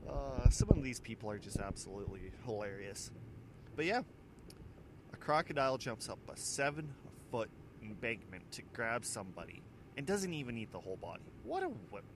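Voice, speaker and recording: Lively, joking male radio host. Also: mid-range voice, noisy background. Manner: rambling, jokey, laughs at his own stories. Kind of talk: casual morning show chat and trivia. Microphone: handheld microphone.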